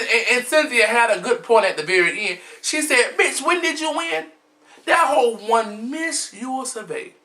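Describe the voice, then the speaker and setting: Here a man with a high, bright, forceful voice gives flamboyant, blunt, sassy gossip commentary. He's a vlogger recapping a reality show, recording himself at home on his camera mic.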